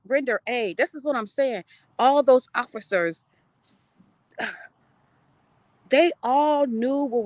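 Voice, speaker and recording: Animated, blunt woman livestreaming outdoors. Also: a little high, dry recording. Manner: animated, emphatic, blunt and profane. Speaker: livestream host. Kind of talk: casual livestream storytelling. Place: outdoors near trees.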